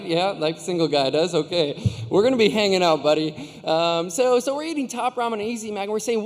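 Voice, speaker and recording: A man in his thirties giving a commencement speech, telling stories and joking with the audience in a self-deprecating way. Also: sits high. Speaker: commencement speaker. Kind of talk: storytelling speech to graduates. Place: large arena venue. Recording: hall reverb from a large arena.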